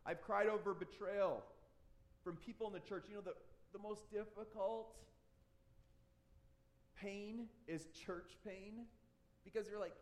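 High-voiced earnest preacher man. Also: moderate pace. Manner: earnest, conversational preaching with restarts. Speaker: pastor. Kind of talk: sermon.

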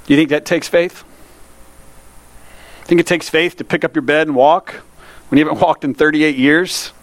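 A man preaching a sermon, reading scripture slowly and asking the listeners earnest, direct questions. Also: on the high side, steady tone, no room sound. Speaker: pastor.

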